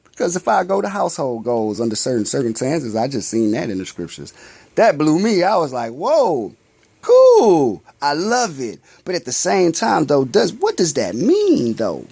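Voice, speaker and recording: A man preaching his own spiritual ideas in a loose, slangy monologue. His fairly high voice swings widely, from loud bursts to low mutters. He keeps asking himself "why?" and answering it. The sound is close and dry, with no room echo. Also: huge pitch swings, normal speed, gravelly, husky. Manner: poses rhetorical questions and answers them himself; loose, slangy street talk. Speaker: spiritual vlogger.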